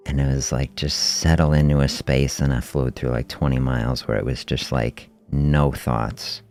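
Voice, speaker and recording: A middle-aged man with an exceptionally deep voice hosts a health podcast livestream and tells stories casually. He sounds relaxed and reflective and chuckles often. Soft music plays faintly underneath. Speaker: host of a fasting health podcast.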